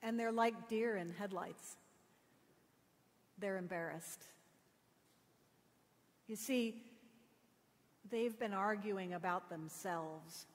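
A middle-aged woman pastor giving a sermon, telling stories with gentle humor. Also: mid-range voice, takes it slowly, pauses often. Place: church. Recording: long reverb of a church.

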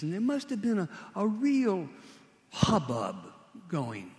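Animated preacher with lively, swinging pitch. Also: male voice, takes it slowly, in a large hall. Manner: animated storytelling with vivid retelling. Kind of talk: sermon.

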